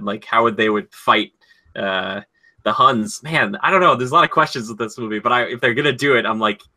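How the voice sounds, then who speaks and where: A young man co-hosting a podcast speaks in a lowish, bright, forceful voice. He rambles casually in conversation, with plenty of fillers and hesitations.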